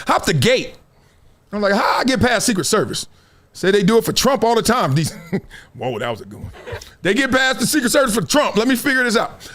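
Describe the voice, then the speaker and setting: A middle-aged man hosting a live stream, telling a story in lively, slangy casual talk to his viewers. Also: high voice. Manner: animated storyteller, slangy and warm toward viewers. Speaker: show host.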